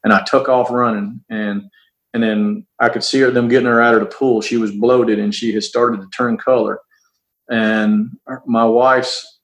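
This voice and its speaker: A middle-aged man, a police officer, telling a personal story in a halting, earnest way, often repeating words and starting over. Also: medium pitch, low-quality recording.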